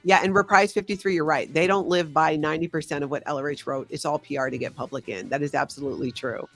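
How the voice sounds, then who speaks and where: A woman's voice: low voice, fairly even intonation, fast talker, a bit bright, soft background music. A woman hosting a live-stream quiz, reading viewer names and scores aloud. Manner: reads out chat names and scores, upbeat. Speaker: host. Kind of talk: live-stream game chat.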